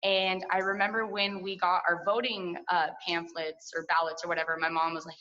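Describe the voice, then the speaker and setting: A woman's voice: fairly low pitch, little pitch movement, brisk, few pauses, bright, forceful tone, muffled recording. A woman in her twenties telling a personal story at a story slam, candid and profane, full of likes and asides, heard over a video call.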